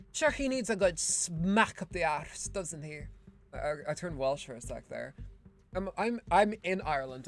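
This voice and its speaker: A woman streaming a video game, giving casual, sarcastic commentary that rambles with lots of "like" and "um". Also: low voice. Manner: sarcastic, rambling, full of fillers like "like" and "um".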